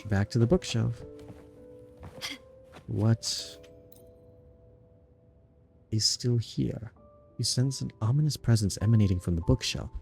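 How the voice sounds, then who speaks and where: A man's voice: medium pitch, slow pace, creaky, long pauses, darkish tone. A young male streamer chats casually through a game, rambling and getting sidetracked as he reads the text aloud. His voice sits in an ordinary middle range. Faint music plays in the background. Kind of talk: casual gaming livestream chat.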